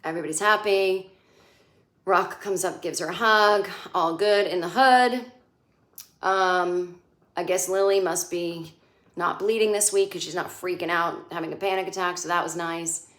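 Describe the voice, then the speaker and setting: A woman hosting a casual solo recap, chatty and sarcastic, acting out quick bits of dialogue as she goes. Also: lowish voice, a bit bright, roomy sound. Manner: chatty, sarcastic, acts out characters' lines in quick impressions. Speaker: podcast host recapping a TV episode.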